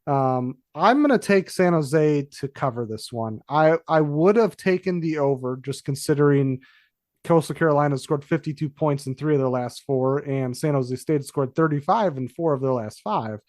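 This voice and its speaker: Man, fairly high voice, dry close sound, rambling casual sports chat, lots of fillers. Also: moderate pace, darkish tone, dry recording. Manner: rambling, self-correcting, frequent fillers. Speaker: podcast co-host.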